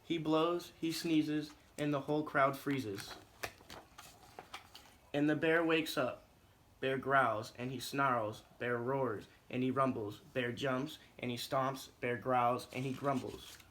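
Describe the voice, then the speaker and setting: A man's voice: medium pitch, fairly even intonation, slow, a bit bright, a little hiss or hum. A male teacher in a classroom reading a picture book aloud in a rhythmic, sing-song way, then giving instructions.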